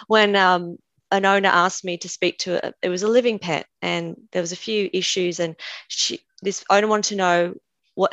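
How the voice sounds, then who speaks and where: A woman's voice: mid-range voice, gravelly, fairly bright tone, no room sound, lo-fi sound. A woman with an Australian accent, a guest animal communicator who tells chatty stories and laughs often. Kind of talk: casual conversation.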